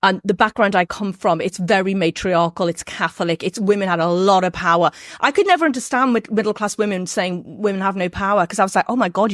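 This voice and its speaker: A woman from Merseyside with a softened Liverpool accent, talking as an interview guest in a lively way, often restarting her sentences. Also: mid-range voice, dry recording, clean studio sound. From Merseyside, England. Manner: animated, quick, with frequent restarts and laughs. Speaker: guest, biographer. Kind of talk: casual interview talk.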